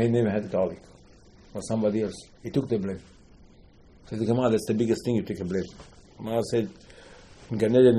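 A man gives a storytelling Torah class in a warm, mellow voice. He keeps repeating key phrases for emphasis and slips Hebrew terms into his English. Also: fairly low pitch, a little hiss or hum. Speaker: rabbi teaching Talmud.

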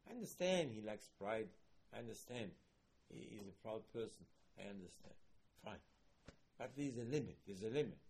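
A man teaching a Torah class, animated and rhetorical, asking questions and reciting passages quickly. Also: mid-range voice, creaky, slightly rough.

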